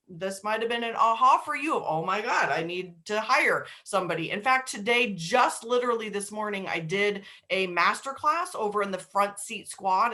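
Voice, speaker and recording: A young adult woman giving a casual webinar talk, chatty and animated with frequent fillers. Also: medium pitch. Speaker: webinar presenter.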